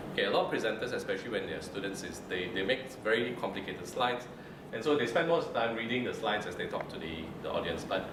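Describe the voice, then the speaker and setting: A man lectures students in a calm, measured way, his voice very low. He is recorded from a distance in a roomy, echoing lecture room. A loud air-conditioning hum runs underneath. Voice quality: low, mid-range voice. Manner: calm, measured, checks in with "okay?". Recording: roomy echo, far from mic, loud air-con hum.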